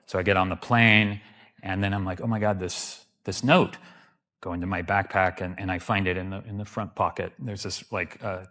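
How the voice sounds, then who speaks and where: A man's voice: low-pitched, a bit bright. A man telling a story as a talk show guest, building up to a punchline. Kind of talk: casual storytelling.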